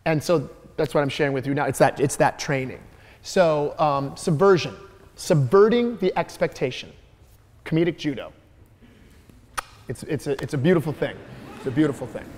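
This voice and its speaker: Animated comedian in an echoey hall. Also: male voice, a little high, normal speed, long pauses. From Detroit, USA. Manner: lively, repeats words while building up jokes. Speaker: guest comedian in a Q&A. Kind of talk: animated onstage storytelling.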